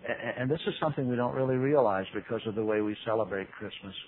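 Animated man preaching with humor. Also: fast talker. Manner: animated storytelling with big pitch leaps; acts out quotes in voices. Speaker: Bible teacher. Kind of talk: humorous sermon. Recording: tinny radio broadcast with faint hiss.

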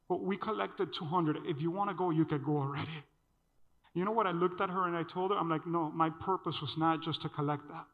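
A man preaching a sermon, telling a personal story in an animated way and acting out the dialogue. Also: high voice. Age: adult. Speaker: pastor. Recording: dull sound with long hall reverb.

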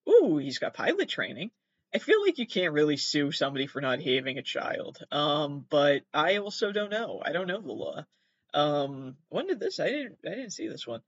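A man's voice: fairly high pitch, no echo, muffled recording. A man hosting his own show, chatting casually about odd news stories in a rambling, profane, self-mocking way. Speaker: podcast host. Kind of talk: casual solo commentary on news.

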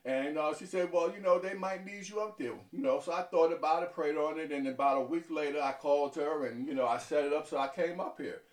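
A man from Harlem, New York, a deacon giving halting interview answers that often stumble and repeat words. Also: fairly high pitch. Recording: echoey, from far off.

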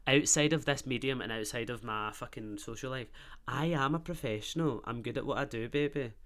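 Sweary, bright Glaswegian man rambling. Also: medium pitch, fairly quick. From Scotland. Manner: rambling, sweary, self-mocking banter. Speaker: podcast host. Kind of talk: casual solo podcast chat.

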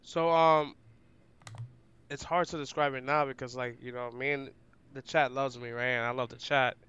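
Bright, crisp-voiced man telling stories. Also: medium pitch, moderate pace, lo-fi sound. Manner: animated and slangy, many "like" fillers; describes himself as loud and outgoing. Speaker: esports commentator, guest. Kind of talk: casual interview storytelling.

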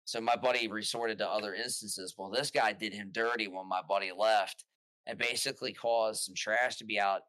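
Male podcast guest, low-pitched, forceful storyteller, rambling delivery. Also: normal speed, no room sound. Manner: rambling, animated, restarts often while retelling quotes. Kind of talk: casual storytelling chat.

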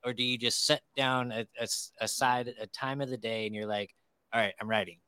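A man's voice: mid-range voice, steady tone, brisk, bright, forceful tone, clear, resonant tone, dry recording. A man hosting a casual podcast interview, enthusiastic and chatty, swearing freely and laughing often. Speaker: podcast host.

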